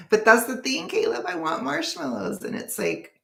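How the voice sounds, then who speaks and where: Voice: high voice, creaky. A young adult vlogger in casual chat, rambling and joking between frequent laughs. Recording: echoey room.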